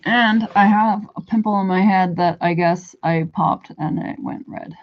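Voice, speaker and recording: A woman's voice: medium pitch, a little slow, highs cut off. A stoned woman vlogging in a casual, rambling way, who scolds her pets in a raised sing-song voice.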